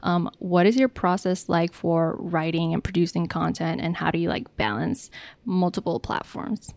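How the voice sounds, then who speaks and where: A woman's voice: on the low side, normal speed, creaky, a little mellow, no room sound. A woman hosting a casual podcast interview, asking long, friendly questions. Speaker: podcast host.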